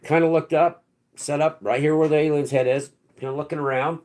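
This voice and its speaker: A man's voice: a little high, fairly even intonation, fairly quick, darkish tone. Rambling, slangy man telling a story. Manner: rambling, slangy, with frequent restarts and swearing. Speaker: channel host. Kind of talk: casual first-person storytelling.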